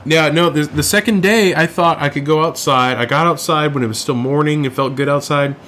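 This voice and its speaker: A man's voice: a little high, brisk, slight background noise. A man with a Southern US accent, co-hosting a podcast in casual chat and laughing often as he tells stories. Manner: laughs often, animated storytelling. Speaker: podcast co-host.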